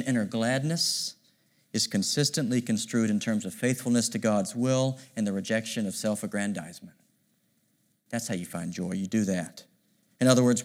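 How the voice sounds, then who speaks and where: A middle-aged man preaching a sermon in an animated, conversational way, often asking the listeners rhetorical questions. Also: medium pitch. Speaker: pastor.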